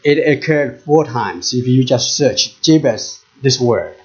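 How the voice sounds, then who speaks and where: A man with a Chinese accent preaching in English in short halting phrases, pausing after each for an interpreter. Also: mid-range voice, lively intonation, lo-fi sound. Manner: halting, repeats words, pauses for interpreter. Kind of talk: sermon with live interpretation.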